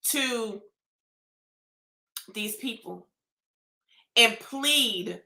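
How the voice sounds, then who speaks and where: A woman delivers an emotional rant to camera, pleading and at times shouting. Her voice sits high and sounds bright and sharp. The room around her is echoey. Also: lively intonation, drawn-out words, gravelly. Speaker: vlogger. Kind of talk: impassioned personal rant to camera.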